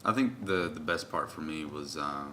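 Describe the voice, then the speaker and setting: A man in his twenties hosting a podcast, telling stories in a loud, rowdy, casual way. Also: a bass voice, moderate pace, a little hiss or hum. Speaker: podcast host. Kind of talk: casual chat.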